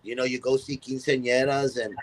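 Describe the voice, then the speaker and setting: A man, a musician guest on a podcast, telling a story in an animated way and acting out the voices of the people in it. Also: mid-range voice, brisk, low-quality recording. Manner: animated, acts out quoted voices in his stories.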